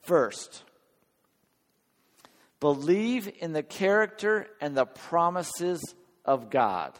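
An earnest, conversational male preacher who talks slowly and pauses to check in with his congregation. His voice sits a little high for a man, and a long hall reverb trails after his words. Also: expressive. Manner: earnest, conversational, questions the audience. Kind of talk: sermon.

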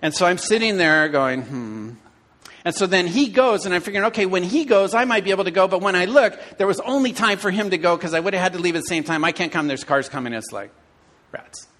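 Man, middle-aged, pastor, sermon, animated storytelling, fairly high voice. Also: fairly quick. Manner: animated storytelling, acting out his own inner voice.

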